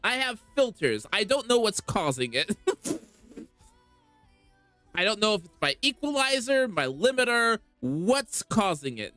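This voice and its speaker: Brief: lively, giggly streamer with a bouncy, wide-ranging voice; talks slowly into a dry, close mic. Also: medium pitch, no room sound. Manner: giggly and animated, laughs often. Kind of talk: casual live game stream chat. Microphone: streaming microphone.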